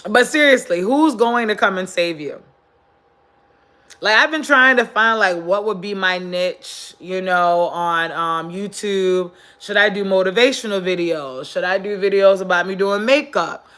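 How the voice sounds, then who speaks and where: Bright-voiced woman preaching on a live stream. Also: mid-range voice, measured pace. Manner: earnest, preachy, repeats points for emphasis. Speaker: livestream host. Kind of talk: casual motivational livestream talk. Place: indoors, sitting on the floor. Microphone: phone.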